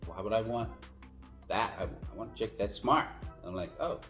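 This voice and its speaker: A man co-hosting a casual podcast about dating, telling stories in an animated way and acting out both sides of the talk. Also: fairly low pitch, normal speed, echoey room, faint music behind. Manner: animated storyteller who mimics both sides. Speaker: podcast co-host.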